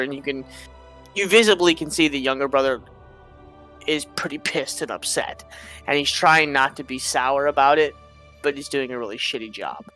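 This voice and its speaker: A man's voice: mid-range voice, bright, forceful tone, low-quality recording. A man from Minnesota, narrating a tabletop game as game master in a chatty, rambling way. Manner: chatty, rambling with repeated restarts.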